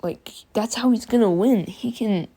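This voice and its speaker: A woman's voice: fairly high pitch, moderate pace, warm tone, slightly rough, pitched above the performer's own voice. A woman voicing a nervous teen anime boy giving urgent, fretful warnings. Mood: worried.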